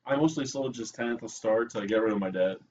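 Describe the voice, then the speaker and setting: A man's voice: medium pitch, fast, darkish tone, slight background noise. A man joking around in casual chat while playing a board video game with his sibling. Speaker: co-player, host's brother. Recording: slightly muffled home recording.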